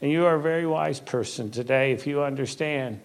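Older guy, minister type, chatting about faith, earnest, laughs a lot, drags out the big words. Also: mid-range voice. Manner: earnest storytelling, laughs easily, slows for emphasis. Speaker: Christian minister. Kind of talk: conversational faith talk.

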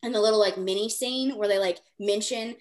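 A woman hosting a podcast, talking in excitable, gushing bursts. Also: mid-range voice, fairly quick. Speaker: podcast host. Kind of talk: casual podcast chat.

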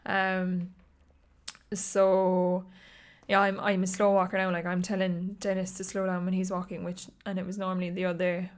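A woman's voice: on the low side, completely flat delivery, moderate pace, smooth. A young woman with an Irish accent, hosting her own podcast in a chatty, rambling way and laughing often. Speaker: podcast host. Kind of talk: casual chat.

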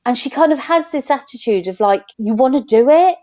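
A woman's voice: high voice, expressive, brisk, darkish tone, lo-fi sound. A woman in her thirties, chatting openly as a podcast guest and telling stories with laughter. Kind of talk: casual chat.

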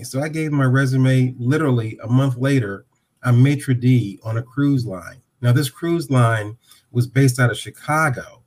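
A man in his sixties from Ohio, a podcast guest telling a story and acting out the dialogue with lively voices. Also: medium pitch, moderate pace. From Dayton, Ohio.

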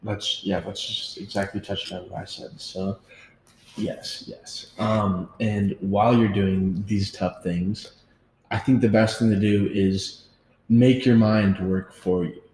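A man's voice: lowish voice, steady tone, takes it slowly, darkish tone. A man hosting a casual podcast conversation, talking earnestly and motivationally, swearing casually. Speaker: podcast host. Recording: echoey room with faint noise.

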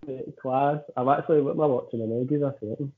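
A man's voice: medium pitch, fairly even intonation, fairly quick. A man chatting casually as a podcast co-host, swearing and teasing his friend. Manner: sweary, teasing, laughing banter. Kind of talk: casual chat. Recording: tinny phone-like line.

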